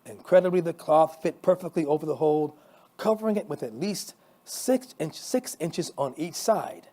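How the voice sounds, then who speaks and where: A male pastor reads a story aloud in a fairly high voice. His pitch rises and falls a great deal, and he stumbles and restarts now and then. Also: moderate pace. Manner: expressive storytelling with small restarts. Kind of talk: reading a Christmas story aloud.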